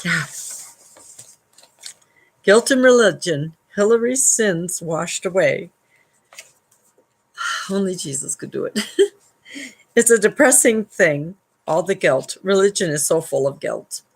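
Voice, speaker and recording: Slow, gravelly woman reading aloud. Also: on the low side, animated, poor audio. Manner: laughs often between read passages, wry asides. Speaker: livestream host reading a book aloud. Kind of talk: reading aloud with chatty commentary.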